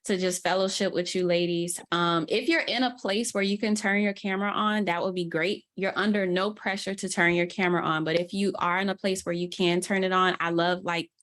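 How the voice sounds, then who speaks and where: A woman's voice: fairly low pitch, fairly even intonation, brisk, hardly any pauses, fairly bright tone. A woman with a New Orleans accent, a guest mentor teaching an online class on a video call, chatty and upbeat with Southern slang. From New Orleans, USA. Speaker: guest mentor, social media coach.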